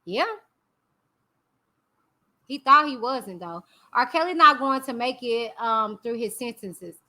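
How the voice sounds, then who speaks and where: Bright, high-voiced woman giving blunt commentary. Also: lively intonation, slow pace. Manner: candid, opinionated, talks directly to viewers. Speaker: YouTube commentary host. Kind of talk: casual live-stream commentary.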